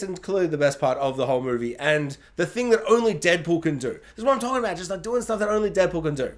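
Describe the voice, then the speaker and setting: Man, film reviewer, casual spoiler chat, excitable, jokey, somewhat high voice. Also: fast talker, hardly any pauses. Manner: excitable, jokey, acts out reactions.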